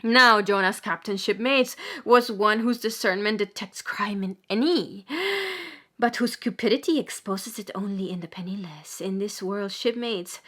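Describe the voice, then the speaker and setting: A woman giving a dramatic reading of a sermon, swinging from loud emphasis to hushed whispers. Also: medium pitch, a little slow. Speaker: reader.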